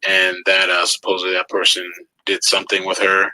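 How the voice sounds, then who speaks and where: A man's voice: low-pitched, completely flat delivery, a little fast, bright, forceful tone, dry recording, poor audio. A man co-hosting a casual live stream, hesitant and hedging, often trailing off. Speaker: co-host.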